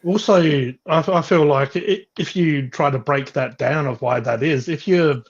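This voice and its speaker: A man's voice: a little high, a little slow, dull audio. A man co-hosting a podcast, joking and bantering in casual chat. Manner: joking, laughing, bawdy banter. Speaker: podcast co-host.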